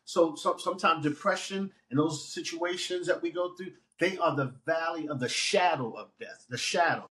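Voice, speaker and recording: Man, pastor and musician, fairly high voice, preacherly, emphatic, podcast guest. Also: normal speed. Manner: preacherly, quotes scripture, acts out talking to his feelings; emphatic, animated swings in pitch. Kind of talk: conversational podcast interview.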